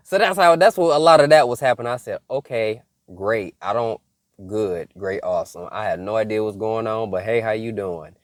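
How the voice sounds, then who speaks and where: Young man, casual storytelling, animated with laughs, mid-range voice, dry close sound. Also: mid-range voice, no echo. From Michigan. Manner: animated, laughing often, mock-scolding asides. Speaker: faith vlogger.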